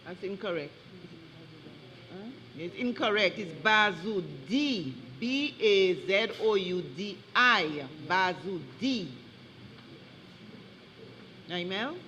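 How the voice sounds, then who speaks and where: Give me a bright, crisp-sounding pronouncer at a spelling bee, deliberate and repeating each word. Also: medium pitch, expressive. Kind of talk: reading out words at a competition. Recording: echoey hall, faint background noise.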